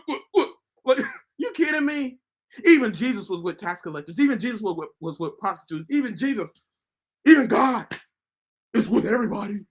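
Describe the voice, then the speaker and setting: A man giving informal devotional preaching from scripture, firing off rhetorical questions with bursts of shouting. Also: very high voice. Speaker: online Bible teacher.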